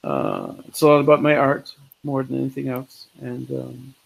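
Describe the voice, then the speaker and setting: Man, born in Belgium and raised in Canada, gravelly and husky voice, casual tired chat, video call. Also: medium pitch, moderate pace, rough recording. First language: French. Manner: chatty, tired and relaxed. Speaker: guest artist.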